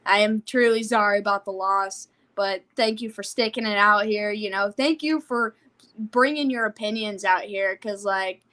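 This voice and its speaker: Streaming casually from home at a desktop mic, a young livestream host talks at a moderate pace with medium pitch. Her excited, rambling chatter is punctuated by frequent laughter.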